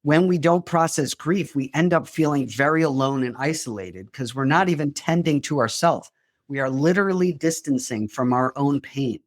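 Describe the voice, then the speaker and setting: A man's voice: on the high side, moderate pace, no room sound. Guy therapist on a podcast, earnest, explains stuff, trips over words a bit, dry close mic. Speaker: therapist and grief coach. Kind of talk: interview guest explaining.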